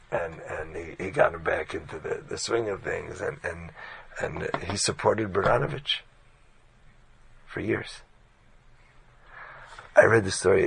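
A man preaching by telling a story in an animated, colloquial way. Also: low-pitched, creaky, husky, poor audio. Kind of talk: storytelling sermon.

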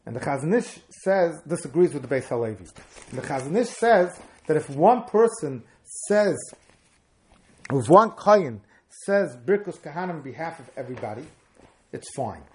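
A man's voice: on the high side, expressive, moderate pace, a little mellow. A man teaching Jewish law in a Talmudic lecture. He explains each point patiently, with the sing-song rise and fall of the study hall. He stresses the key words as he builds his argument.

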